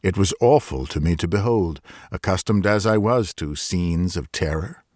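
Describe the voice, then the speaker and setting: A man, a librarian narrating a Victorian ghost story in a measured, dramatic way. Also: low voice, expressive, darkish tone, dry recording, studio quality.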